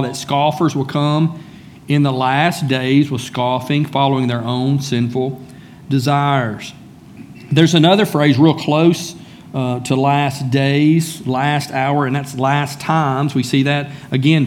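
A man's voice: medium pitch, darkish tone, slight background noise. A man preaching a sermon in a church, speaking conversationally and calling on listeners by name. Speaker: pastor.

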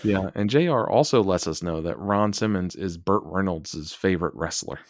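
A man's voice: sits low, normal speed, no echo, clean studio sound. A man co-hosting a casual wrestling podcast, recapping with wry, sarcastic asides. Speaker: podcast co-host. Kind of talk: casual wrestling review chat.

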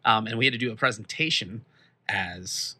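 A young man co-hosting a casual podcast, telling a rambling, animated story and laughing often. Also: fairly low pitch, moderate pace. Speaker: podcast co-host. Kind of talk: casual chat, played as an old episode clip.

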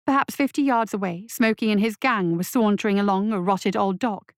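A woman reads a dark short story aloud at a measured, steady pace. Her voice sits in a middle range and is recorded close and dry, with no room sound around it. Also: mid-range voice, no echo. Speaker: audiobook reader. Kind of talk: scripted story narration.

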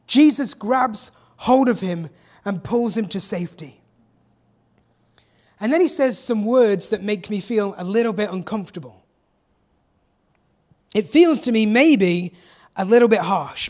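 A man with an English accent, a pastor delivering an earnest, emphatic sermon in church with dramatic pauses. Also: very high voice. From England.

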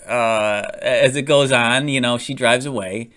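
A man's voice: medium pitch, steady tone, moderate pace, fairly bright tone. A man casually reviewing a movie, rambling with lots of fillers, restarts and frequent laughs.

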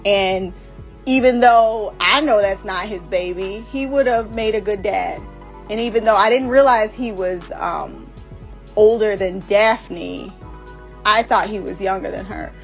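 A woman's voice: medium pitch, measured pace, highs cut off, soft background music. A woman giving a casual, blunt and profane TV recap. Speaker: podcast host recapping a TV series.

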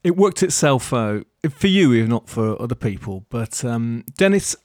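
A man's voice: mid-range voice, big pitch swings, darkish tone, dry recording. A man hosting a podcast, talking loosely with the guest and closing the show. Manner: conversational, loose, drawn-out phrasing. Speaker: podcast host. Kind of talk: interview and show outro.

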